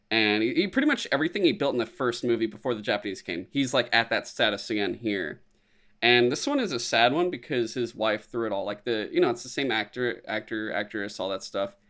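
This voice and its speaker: A man chatting casually as a podcast co-host, animated and profane, acting out quotes in silly voices. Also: mid-range voice, a little fast. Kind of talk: casual chat.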